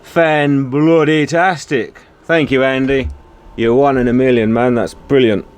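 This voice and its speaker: A man's voice: medium pitch, fairly even intonation, normal speed, darkish tone, clean tone. A man giving casual running commentary in his workshop, muttering and swearing as he works. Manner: chatty, muttering and humming while working, swears casually. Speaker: DIY video maker.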